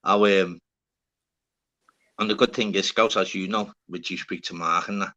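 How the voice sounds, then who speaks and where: A man's voice: low-pitched, steady tone, moderate pace, sharp tone, lo-fi sound. A man, swearing a lot and rambling through stories in casual banter as a live stream host.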